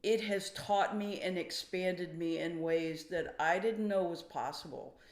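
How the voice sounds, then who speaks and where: Slow, thoughtful woman songwriter, echoey. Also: lowish voice. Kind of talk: interview answers. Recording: echoey room.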